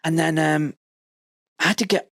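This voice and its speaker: A man's voice: fairly high pitch, steady tone, normal speed, fairly bright tone, dry recording. Forties male host, heartfelt storyteller who voices his own lines, dry booth sound. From United Kingdom. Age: 40s. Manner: emotional storytelling, acts out his own quotes. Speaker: podcast host. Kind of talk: casual chat.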